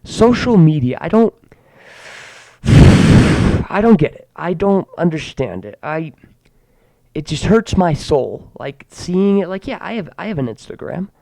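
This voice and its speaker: Teen boy, comedic rant, sarcastic and mock-grand, raised pitch, gravelly fry, dry close sound. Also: big pitch swings, normal speed, mellow, dry recording. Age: teens. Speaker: student ranting to camera.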